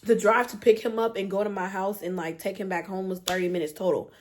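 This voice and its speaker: A woman's voice: mid-range voice, flat delivery, fast, darkish tone, slight background noise. Young woman ranting on her vlog, slangy, lots of "like", exasperated. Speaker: vlogger. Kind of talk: storytime vlog.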